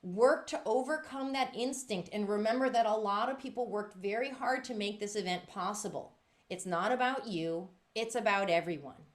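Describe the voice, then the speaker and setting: A woman presenting a workshop for music teachers, talking in a lively, emphatic way and acting out quotes with big jumps in pitch. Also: normal speed.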